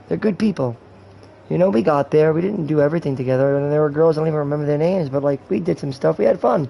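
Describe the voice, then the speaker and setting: A man's voice: fairly high pitch, creaky, warm tone, a little hiss or hum, low-quality recording. A man in his twenties talking in a rambling, candid way and swearing often, while hosting a gaming livestream. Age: 20s. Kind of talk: rambling casual chat.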